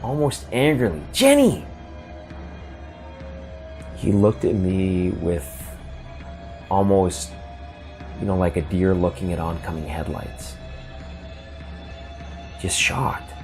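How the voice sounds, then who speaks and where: A man telling a first-person ghost story in a halting, earnest way, often repeating words as he gets emotional. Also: low voice, darkish tone, soft background music.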